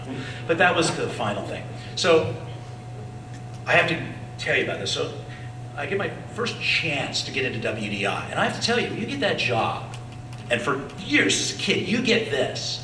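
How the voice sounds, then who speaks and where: A man telling animated stories at a convention, acting out voices and whispering asides. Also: a little high, fairly quick. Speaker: convention speaker. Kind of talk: animated storytelling. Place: convention hall. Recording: echoey hall, far from mic, faint noise.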